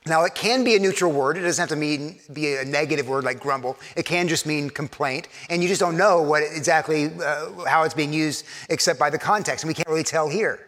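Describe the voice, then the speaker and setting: A man's voice: on the high side, a little fast, few pauses, fairly bright tone. A man preaching a sermon in a conversational way, often repeating words and acting out imagined quotes. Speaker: pastor. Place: church. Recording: long church reverb.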